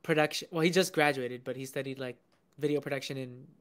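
A man's voice: mid-range voice, steady tone, quick pace, clear, resonant tone. A young man from the Bronx with a New York accent, a podcast guest chatting in an upbeat, slangy, enthusiastic way. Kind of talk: casual chat.

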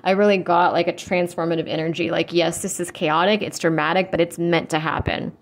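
A woman's voice: fairly low pitch, fairly even intonation, a little fast. Chatty woman giving a casual tarot reading. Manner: chatty, filler-heavy, blunt with swearing. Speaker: tarot reader.

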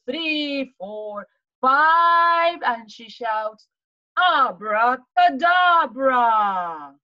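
Very animated woman retelling a children's story. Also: high voice, highs cut off. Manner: animated, exaggerated, asks questions and gasps. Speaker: English teacher for children. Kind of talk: storybook retelling lesson for kids.

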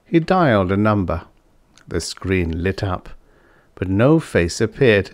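A man narrating a vintage science fiction short story as an audiobook, in a measured storytelling manner. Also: low-pitched, big pitch swings, dry recording. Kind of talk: scripted narration.

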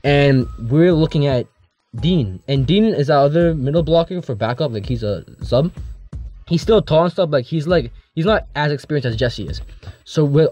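A teenage boy telling a casual storytime, rambling and slangy, with lots of restarts and animated asides. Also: a little high, normal speed, highs cut off. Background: faint background music.

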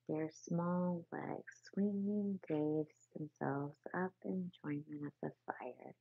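Woman bedtime-story narrator, slow and gravelly, whisper-soft, phone-thin dry audio. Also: low voice, steady tone, no echo. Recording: tinny phone-like sound, dry.

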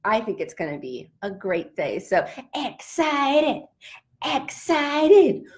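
Animated high-voiced woman teaching children. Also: slow pace. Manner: animated, sing-song, exaggerated feelings for kids. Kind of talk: online lesson for young children. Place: home.

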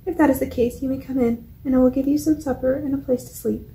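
A woman's voice: sits high, fairly even intonation, fast, mellow, a little hiss or hum. A woman voicing a cautious but kind farm woman in a storybook reading, in a questioning manner.

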